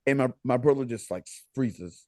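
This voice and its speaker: An American man as a podcast guest, telling a story in a casual, animated way, laughing and acting out the dialogue. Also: mid-range voice, moderate pace, no echo.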